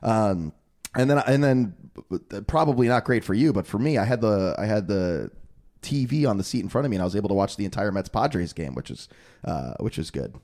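A man's voice: fairly low pitch, animated, a little fast, darkish tone. A young man co-hosting a podcast, chatting casually and laughing often at himself as he tells stories. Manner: laughs often, self-deprecating storyteller. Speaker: podcast co-host. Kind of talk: casual chat.

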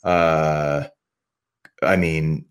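A man's voice: a bass voice, little pitch movement, extremely slow, clear, resonant tone. A man talking as a podcast guest, rambling passionately about music, swearing freely and restarting his sentences. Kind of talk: casual podcast conversation.

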